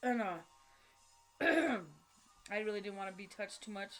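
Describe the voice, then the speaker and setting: A woman tells a personal story in a halting way, with many fillers and restarts. She is blunt and swears casually. A faint bed of music plays under her voice. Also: mid-range voice, lively intonation, a bit bright. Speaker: vlogger.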